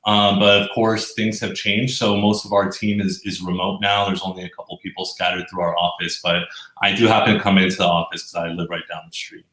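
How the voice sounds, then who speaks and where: A low-voiced man answers as a guest from an office, relaxed and a bit halting. The room gives his voice a noticeable echo. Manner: relaxed, hesitant with fillers. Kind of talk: casual interview chat.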